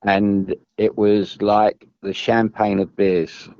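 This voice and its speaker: A man's voice: fairly low pitch, flat delivery, slow pace, darkish tone, dry recording, lo-fi sound. A man, a former footballer telling long, meandering stories as a podcast guest, restarting and repeating himself. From England. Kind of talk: rambling storytelling.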